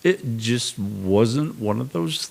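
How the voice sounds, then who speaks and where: A man who is a guest on a podcast, speaking in a measured, reflective way. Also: medium pitch, lively intonation, vocal fry. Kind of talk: casual chat.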